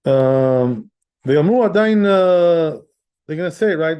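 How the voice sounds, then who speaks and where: A man's voice: a little high, quick pace, warm tone. A man teaching Jewish law as a rabbi in a casual class, talking conversationally and chuckling often. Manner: conversational, sprinkles in "right?" and "you know", chuckles often.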